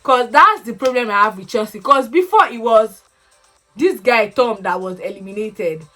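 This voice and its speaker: A woman giving a casual, animated recap of a reality show, laughing and exclaiming as she talks. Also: a little high, moderate pace, faint music behind. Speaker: reality TV commentator.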